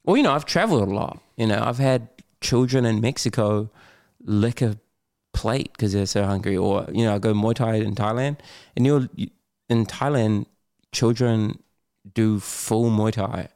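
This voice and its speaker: A man's voice: fairly low pitch, unhurried. A middle-aged man, a podcast guest talking candidly, laughing often and swearing casually. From New Zealand. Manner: animated storyteller, swears, laughs often, acts out his own lines.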